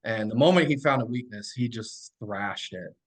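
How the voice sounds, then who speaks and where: A man's voice: lowish voice, moderate pace, husky. A man in his thirties, a podcast guest and strength coach, telling stories casually with lots of fillers. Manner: relaxed, many fillers, laughs while telling stories. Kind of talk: casual storytelling.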